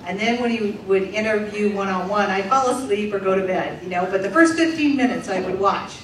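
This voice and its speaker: A woman's voice: medium pitch, a little fast, a little hiss or hum. Woman interpreter voicing a comedian, echoey room. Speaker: sign language interpreter voicing a deaf comedian. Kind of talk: live voice interpretation of stand-up comedy. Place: large room with a live audience. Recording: echoey distant room recording.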